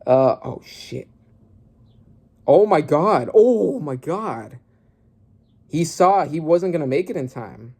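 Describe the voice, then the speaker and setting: A man reading through a manga chapter aloud and reacting, often bursting into loud exclamations and swearing. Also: fairly high pitch, expressive, slow pace, long pauses, slightly rough.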